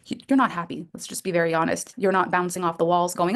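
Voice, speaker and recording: A woman's voice: on the low side, flat delivery, fast, fairly bright tone. A middle-aged woman, a life coach, talking to listeners in a coaching call and acting out inner voices with big jumps in her voice.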